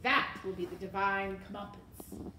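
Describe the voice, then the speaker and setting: A woman's voice: medium pitch, a little slow, reverberant, background noise, lightly acted. A woman reading as a scheming, condescending rat. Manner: formal, patronizing, coaxing.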